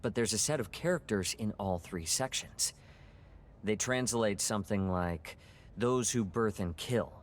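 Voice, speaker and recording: A technical ruins analyst. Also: male voice, on the low side, unhurried. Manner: explanatory, technical. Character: man explaining alien ruins, an analyst.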